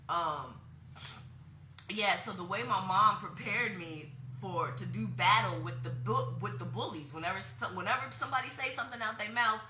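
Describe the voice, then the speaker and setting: Chatty woman with a bright voice in an echoey room. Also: medium pitch, slight background noise. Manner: frank, chatty storytelling with slang. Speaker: wellness workshop presenter. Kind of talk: casual spoken workshop talk.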